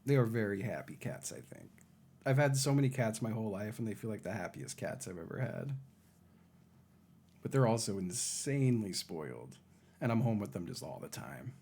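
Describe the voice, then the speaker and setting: A young man chats loosely while streaming from his home desk mic. His voice sits low and gravelly, dark and a touch husky, and it swings widely in pitch when he coos at his cats. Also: very animated, moderate pace. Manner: chatty, talks sweetly to his cats in a high baby voice. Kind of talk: casual live-stream chat. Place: home room. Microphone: desk microphone.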